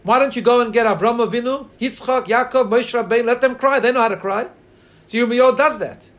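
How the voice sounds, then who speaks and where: Male Torah teacher, high-pitched, earnest storyteller who drags out quoted lines and stops to find his place. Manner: pauses to share screen and look up text. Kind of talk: Torah class.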